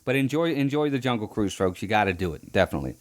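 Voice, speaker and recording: A man's voice: lowish voice, lively intonation, fast. A man co-hosting a theme park podcast in casual chat, rambling and restarting his phrases. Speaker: podcast co-host.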